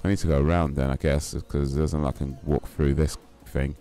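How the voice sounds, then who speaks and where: A man's voice: very deep voice, fairly even intonation, brisk, mellow, faint music behind. A young man chatting casually while streaming a game, in a rambling, laid-back, slangy way. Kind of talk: casual live-stream chat while gaming.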